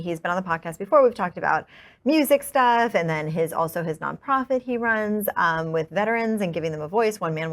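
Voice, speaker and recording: Woman podcast host, upbeat, rambling, casual. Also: mid-range voice. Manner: chatty, upbeat, rambling with fillers.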